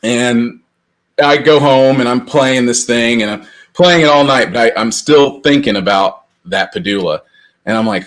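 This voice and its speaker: A middle-aged man co-hosting a podcast, telling long rambling anecdotes with lively restarts. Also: mid-range voice, moderate pace. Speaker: podcast co-host. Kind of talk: casual storytelling chat.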